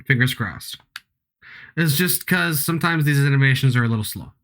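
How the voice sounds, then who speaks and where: A young man streams a video game with casual, chatty gameplay commentary, giggling and poking fun at himself. His voice is medium-pitched and fairly bright, animated yet delivered at a normal speed.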